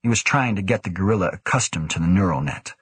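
A man narrating an audiobook in a steady, measured scripted reading. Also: sits low, breathy edge, no room sound.

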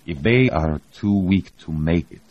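A man's voice: low-pitched, animated, unhurried, no echo. A man voicing a cautious, wry rover pilot in an audiobook, speaking in wary, ironic questions. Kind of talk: audiobook reading. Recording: dull lo-fi audio.

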